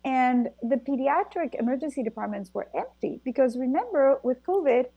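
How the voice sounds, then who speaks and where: A woman's voice: high-pitched, lively intonation, moderate pace, husky, no room sound, lo-fi sound. A middle-aged woman from Argentina, a native Spanish speaker, telling her stories animatedly in an interview, with frequent restarts. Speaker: guest, vintner and physician. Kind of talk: conversational interview.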